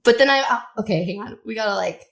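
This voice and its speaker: A woman from the West Coast, a guest on a podcast, cheerful and quick to laugh in casual chat. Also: medium pitch, gravelly. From United States West Coast.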